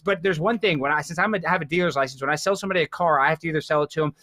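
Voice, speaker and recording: A man talking as a podcast guest in casual conversation, ranting excitably and mimicking other people. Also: a little high, very fast, no room sound, clean studio sound.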